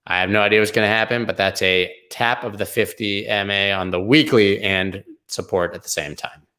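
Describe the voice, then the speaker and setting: A man with a very low voice, gravelly and full of vocal fry, talks his way through price charts on a live stream. His manner is loose and slangy, wandering from point to point. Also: pushed and bright. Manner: loose, rambling, slangy, hums and sings snippets. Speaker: crypto show host. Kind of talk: casual live chart commentary.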